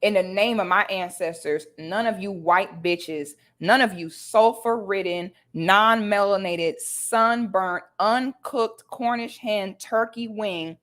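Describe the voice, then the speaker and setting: A woman's voice: mid-range voice, takes it slowly, hardly any pauses, fairly bright tone. A woman talking straight to her viewers in a confrontational casual rant, full of sassy asides and repeated "okay?" tag questions. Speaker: vlogger.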